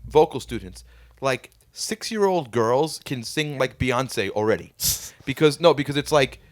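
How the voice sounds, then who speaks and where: A man's voice: mid-range voice, expressive, measured pace. A man hosting a casual band podcast, talking in a curious, rambling way with lots of fillers. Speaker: podcast host and band guitarist. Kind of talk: casual chat.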